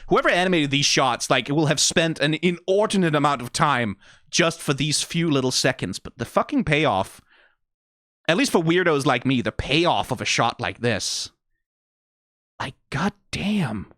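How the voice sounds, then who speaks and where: Excitable, profane reaction commentator. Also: medium pitch, measured pace, no room sound, studio quality. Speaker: video reactor.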